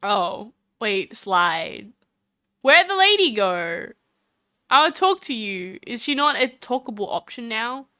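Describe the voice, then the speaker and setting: A woman's voice: a little high, very animated, slow, sharp tone, no echo, clean studio sound. A woman streamer chatting casually and rambling with self-mocking asides while playing a game.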